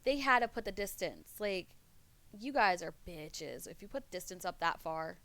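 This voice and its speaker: A woman streaming a game, chatting casually with her viewers, brash and quick to swear. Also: fairly low pitch, animated, fairly bright tone. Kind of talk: casual gaming stream chat.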